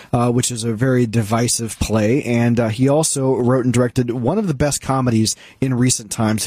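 A man's voice: mid-range voice, mellow, no room sound. A man co-hosting a casual movie review discussion, opinionated and conversational, with frequent fillers and restarts. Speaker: film critic co-host.

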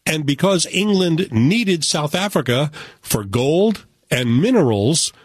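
American guy chatting about movies, opinionated, jokey, slightly high voice, dead dry sound. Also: slow pace, husky, no echo. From United States. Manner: animated, opinionated, joking. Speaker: film critic. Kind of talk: casual film review chat.

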